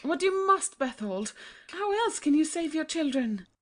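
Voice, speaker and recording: A woman playing a high, childlike young princess. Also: lively intonation, unhurried, fairly bright tone. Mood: earnest. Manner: earnest, pleading, childlike. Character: young innocent princess, trusting and brave.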